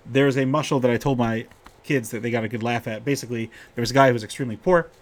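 A middle-aged man giving an informal Torah talk, telling stories and getting animated when he quotes the people in them. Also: medium pitch, fast talker. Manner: storytelling, animated when quoting characters.

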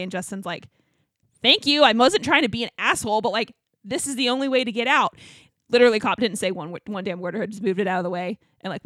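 A woman's voice: medium pitch, no echo, studio quality. A young woman co-hosting a casual chat, telling a story with lots of fillers and acting out what people said. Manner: animated storyteller, acts out quotes, many fillers. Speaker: podcast co-host.

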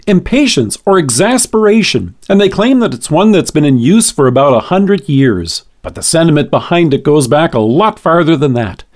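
Animated man reading a devotion. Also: fairly high pitch. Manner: measured, earnest reading with quoted scripture. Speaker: devotional speaker.

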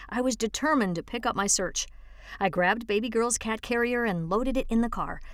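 A woman's voice: fairly high pitch, no echo. Woman reading a story aloud, dry close mic. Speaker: volunteer reader. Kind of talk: read-aloud story narration.

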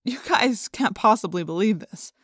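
A woman's voice: medium pitch, expressive, moderate pace, fairly bright tone, slightly rough, no echo, clean studio sound. A woman voicing an alien parasite posing as a teenage boy, insistent and falsely innocent. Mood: protesting.

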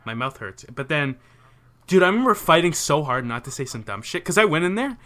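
A young man telling a story in casual chat, animated and swearing freely. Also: a little high, fairly quick.

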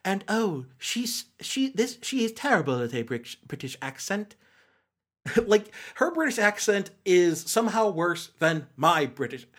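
A man hosting a casual comedic movie-review monologue, sarcastic and rambling with lots of fillers and restarts. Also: on the high side. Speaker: podcast host.

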